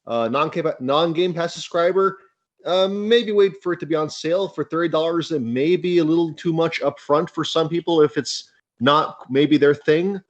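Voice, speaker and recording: A man giving a measured, hesitant opinion on a gaming podcast. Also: fairly high pitch, highs cut off. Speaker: podcast panelist. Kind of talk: casual chat.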